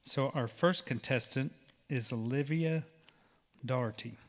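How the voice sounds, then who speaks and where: A man's voice: medium pitch, unhurried. A man with an Oklahoma accent hosting a pageant on stage, chatty and joking with the crowd. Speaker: pageant emcee. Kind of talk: live event hosting. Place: large auditorium. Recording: long hall reverb.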